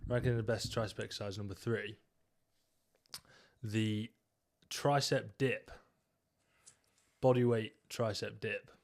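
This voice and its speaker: This is a young man with a lowish voice, co-hosting a relaxed podcast. He speaks with opinionated confidence and a joking edge. He moves the conversation along briskly. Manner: opinionated, joking, leads the ranking. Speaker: podcast co-host. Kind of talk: casual gym chat.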